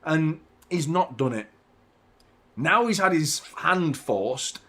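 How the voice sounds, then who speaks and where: A man hosting a live football watchalong, reacting to the match with casual chat, swearing and bursts of shouting at big chances. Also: on the high side, animated, slow pace. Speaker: host of a football watchalong stream.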